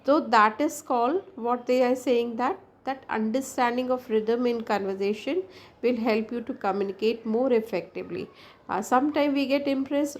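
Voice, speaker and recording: Indian woman teacher lecturing, higher voice. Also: moderate pace. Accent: Indian English. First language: Hindi. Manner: explains with many fillers and restarts, switches into Hindi. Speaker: English teacher. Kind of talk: classroom lecture.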